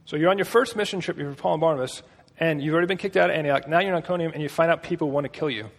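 Husky-voiced man preaching in a reverberant hall. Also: fairly high pitch, very fast. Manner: conversational, joking asides. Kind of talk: casual storytelling sermon.

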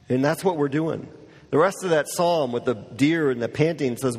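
Male pastor, fairly high husky voice, chatty sermon delivery, long hall reverb. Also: normal speed, darkish tone. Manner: casual, conversational preaching with many fillers. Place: church.

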